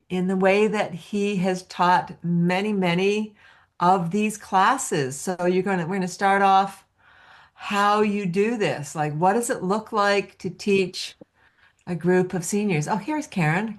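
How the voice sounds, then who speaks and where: Slow-talking woman hosting an online class. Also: medium pitch. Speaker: course host. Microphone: video call.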